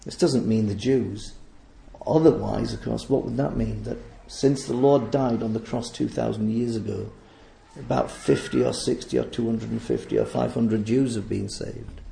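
Emphatic gravelly preacher in an echoey church. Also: male voice, fairly low pitch, fairly even intonation, normal speed, mellow, a little hiss or hum. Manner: emphatic, repeats phrases for stress. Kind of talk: sermon.

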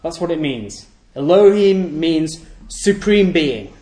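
High-voiced preacher in an echoey hall. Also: male voice, lively intonation, slow pace, mellow. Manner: rhetorical questions, emphatic repetition. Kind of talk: sermon. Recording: echoey room.

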